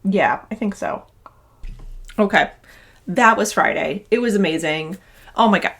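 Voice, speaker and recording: A woman's voice: medium pitch, measured pace, fairly bright tone. A young woman chatting casually in her knitting vlog, gushing and rambling with restarts. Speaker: knitting vlogger and yarn dyer.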